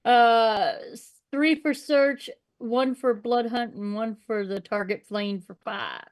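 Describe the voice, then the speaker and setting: Slow-spoken woman player. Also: on the high side. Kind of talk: playing a tabletop game.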